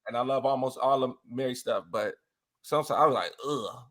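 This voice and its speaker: A young man chatting casually as a podcast guest, animated, often laughing and breaking into bits of song. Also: medium pitch, brisk. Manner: animated, exclaims and sings snippets, laughs often.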